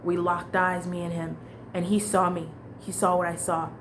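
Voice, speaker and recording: A woman's voice: lowish voice, little pitch movement, moderate pace, a little hiss or hum. Candid young woman rambling through a story. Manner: candid, rambling, frequent restarts and swearing. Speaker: vlogger. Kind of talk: casual storytime monologue.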